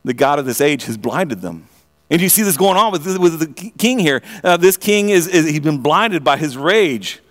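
A man preaching a sermon, retelling a story in an animated way, often restarting his phrases and asking his listeners direct questions. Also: a little high, normal speed. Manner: animated storytelling with frequent repeated starts; asks the audience direct questions.

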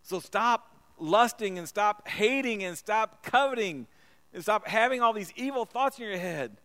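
A man's voice: high voice, expressive, unhurried, pushed and bright. A man preaching a sermon in a church, earnest and repeating himself, often stumbling and restarting his words. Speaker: pastor.

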